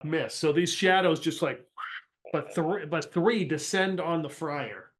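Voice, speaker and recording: A man narrating as game master of a tabletop role-playing game, in loose, halting speech full of fillers and restarts. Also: fairly high pitch.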